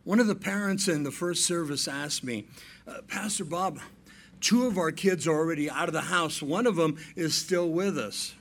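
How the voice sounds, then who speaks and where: High-voiced preacher telling family stories. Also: male voice, moderate pace. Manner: storytelling preacher, swings between soft asides and emphatic raised points. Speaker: pastor. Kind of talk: sermon.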